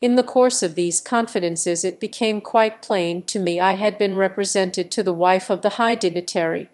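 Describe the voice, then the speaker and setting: A woman narrating a classic novel for an audiobook in a steady, measured reading. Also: medium pitch. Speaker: audiobook reader.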